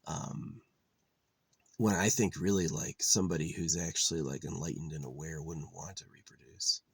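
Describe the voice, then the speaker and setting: A man's voice: extremely low pitch, fairly even intonation, normal speed, creaky, fairly bright tone, husky, no echo. A man talking to camera in a meandering, profane monologue, full of fillers and restarts. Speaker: vlogger. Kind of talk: rambling casual monologue.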